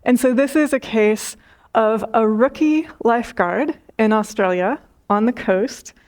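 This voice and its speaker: Gentle woman telling spiritual stories. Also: fairly high pitch, unhurried. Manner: gentle storytelling with light laughs and repeated phrases. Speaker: spiritual and yoga teacher. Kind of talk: spiritual talk.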